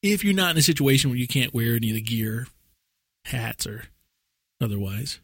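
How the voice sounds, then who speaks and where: A man with a slightly husky, mid-pitched voice chats casually on a podcast, rambling through stories and laughing often. He is recorded close and dry, with no room sound. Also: lively intonation, normal speed, a bit bright, no room sound. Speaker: podcast co-host. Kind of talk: casual chat.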